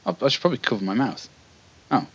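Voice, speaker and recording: A man's voice: mid-range voice, fast talker, a bit bright, husky, lo-fi sound. A man commenting on a text-based game, reading passages aloud and making chatty, self-deprecating asides. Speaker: let's play host.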